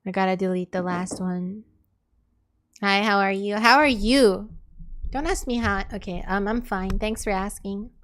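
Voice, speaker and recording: A woman's voice: medium pitch, steady tone, normal speed. A woman streaming live, chatting casually and exasperatedly with her viewers in a rambling way. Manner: exasperated, rambling, talks to chat.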